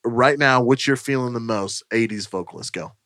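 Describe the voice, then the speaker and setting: Brief: loud, foul-mouthed male musician guest, restarts sentences, dead-dry studio sound. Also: medium pitch, normal speed, dry recording. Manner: loud, profane, jokey, trips over words. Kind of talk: casual podcast chat.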